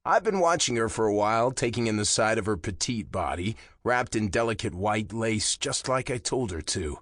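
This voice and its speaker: A man with a lowish voice narrating a first-person romance audiobook in a slow, intimate way. His pitch moves a great deal, dipping low and lifting for emphasis, and the studio sound is dry and close. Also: expressive, a bit bright, no echo.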